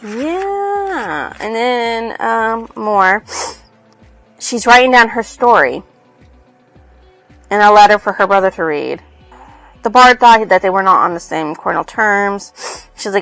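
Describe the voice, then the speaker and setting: A woman's voice: medium pitch, big pitch swings, slow pace, creaky, pauses often, fairly bright tone, soft background music, rough recording. A woman casually recapping a novel for her channel, rambling and loosely reading out quotes from it. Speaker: book reviewer.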